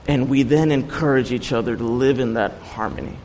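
A man's voice: medium pitch, a little fast, a little mellow, big-room sound, slight background noise, low-quality recording. A man giving an earnest sermon as a guest preacher, telling personal stories with light humor.

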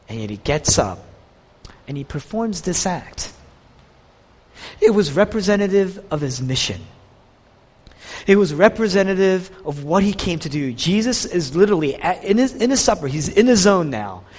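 A male pastor delivers an impassioned sermon, his voice rising and falling dramatically. He speaks with a high, very animated voice that rings out in a church sanctuary with long reverb. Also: breathy edge. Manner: impassioned preaching, swings from loud to soft.

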